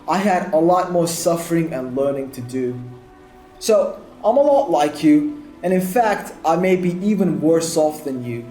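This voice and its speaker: Animated storytelling man, echoey room. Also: unhurried. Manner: animated, swings between excited rises and low sad murmurs. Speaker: video editing YouTuber. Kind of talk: dramatic personal storytelling. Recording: roomy echo with faint music bed.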